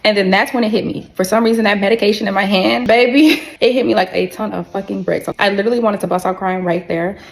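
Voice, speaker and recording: A woman's voice: mid-range voice, fairly even intonation, quick pace, gravelly, few pauses. A woman telling her own story to viewers in a blunt, candid way, cursing freely and calling the audience y'all.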